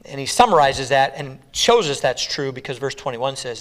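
A man preaching as a pastor, swinging from hushed, gentle lines to loud, emphatic ones. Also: mid-range voice, expressive, moderate pace, hardly any pauses. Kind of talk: sermon.

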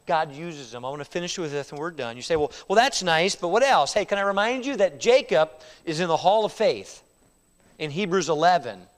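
A male pastor delivering a sermon, his voice a touch higher than most men's. He swings from loud, stirring lines to hushed retellings. The sound rings with the long reverb of a church sanctuary. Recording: reverberant hall.

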